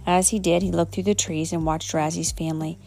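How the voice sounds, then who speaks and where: A woman's voice: lowish voice, fairly even intonation, fairly quick, creaky, darkish tone, soft background music. A woman reading a children's storybook aloud at home, an unpolished reading with slips and self-corrections. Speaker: reader.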